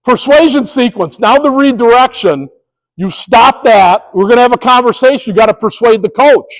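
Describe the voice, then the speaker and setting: Middle-aged male presenter, higher-pitched voice, storytelling delivery with acted-out umpire calls, speaking to a live room. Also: normal speed, poor audio. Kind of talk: presentation to sports officials.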